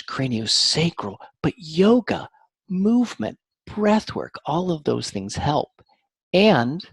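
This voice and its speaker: A man speaking as a therapist guest, explaining in an animated, teacherly way and shifting his intonation on purpose. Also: medium pitch, husky, dry recording. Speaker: mind-body therapist guest. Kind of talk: explanatory interview talk.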